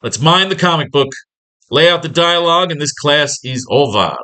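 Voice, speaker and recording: A man's voice: a little high, expressive, moderate pace, pushed and bright. A man teaching a comic-writing class, recapping an old story in a rambling, sarcastic and profane way.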